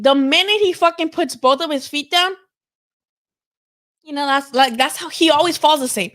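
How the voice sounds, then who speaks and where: A woman's voice: high-pitched, normal speed, a bit bright. A woman hosting a live boxing talk stream, chatting casually and animatedly, swearing freely and filling with "like" and "you know". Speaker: boxing show host.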